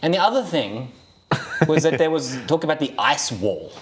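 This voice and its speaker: A man's voice: fairly high pitch, sing-song, normal speed, background noise. A man co-hosting a podcast in casual banter who laughs often. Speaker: podcast co-host. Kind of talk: casual chat.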